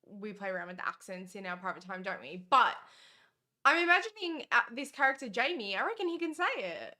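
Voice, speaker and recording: Bright, chatty woman on stream. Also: medium pitch, very animated, fairly quick. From Australia. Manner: chatty and playful, laughs often. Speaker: co-host of a live stream. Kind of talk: casual live-stream chat.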